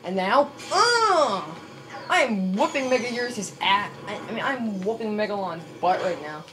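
Excitable woman gamer yelping at a game. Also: medium pitch, moderate pace. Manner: excitable, yelps and shouts at the game, swears. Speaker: let's play gamer. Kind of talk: casual gameplay commentary.

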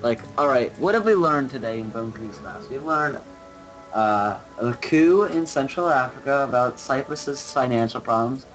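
A man's voice: medium pitch, expressive, normal speed, soft background music, low-quality recording. A man streaming a city-building game, chatting in a rambling, profane way full of filler words. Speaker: let's play streamer. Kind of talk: casual gaming chat.

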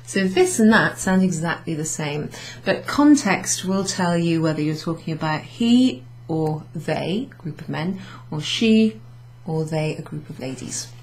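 A woman teaching a beginners' French class, explaining slowly and patiently with many ums and repeated French words. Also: sits low, animated, low-quality recording. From United Kingdom. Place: pub function room, recorded lesson.

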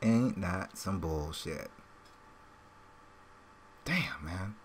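An excitable man talks over his own gameplay in a fairly low voice, rambling and taunting the other players. He sounds like he is at a desk microphone, with a faint hiss of noise underneath. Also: a little slow, long pauses. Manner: excitable, rambling trash talk at opponents. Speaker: gaming channel host. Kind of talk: live gameplay commentary.

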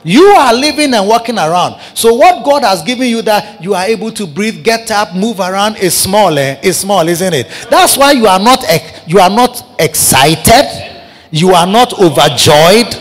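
A man with a Ghanaian English accent, a bishop preaching a sermon in animated, repetitive bursts, calling out to his congregation. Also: sits high, moderate pace. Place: large church hall. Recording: church hall reverb with congregation.

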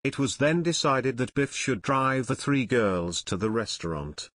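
Male audiobook narrator, expressive, dry close-miked sound. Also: medium pitch, unhurried, dry recording. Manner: clear and expressive storytelling. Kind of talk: scripted narration.

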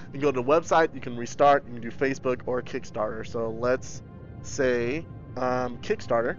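A man hosting a livestream, giving casual game commentary in an excitable, goofy way and thinking aloud. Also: medium pitch, moderate pace, highs cut off, soft background music. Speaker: livestream host.

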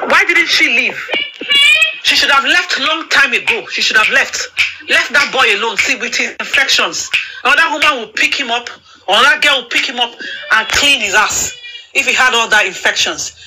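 A woman's voice: fairly high pitch, animated, a little fast, pushed and bright, slight background noise, low-quality recording. A woman delivering a furious, insulting rant on a live video panel, stammering and repeating herself as she talks over a phone mic. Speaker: panel speaker. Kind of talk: angry live-stream rant.

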